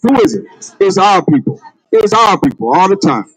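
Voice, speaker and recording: A man's voice: high-pitched, big pitch swings, moderate pace, breathy edge, no echo, low-quality recording. A man preaching on the street, calling out to passers-by with emphatic, laughing delivery. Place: outdoors on a street.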